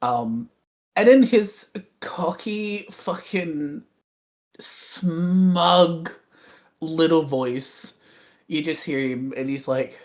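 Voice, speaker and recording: A woman's voice: sits low, expressive, drawn-out words, a little mellow. A woman playing a tabletop game, chatting casually, swearing freely and hesitating with many fillers. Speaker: player.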